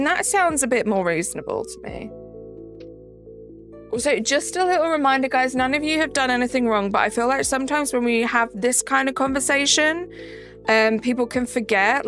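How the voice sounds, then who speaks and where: A woman's voice: high-pitched, fairly bright tone. A woman with a Southern English accent, hosting a live stream in casual chat, greeting viewers by name and reading the chat aloud. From south of England.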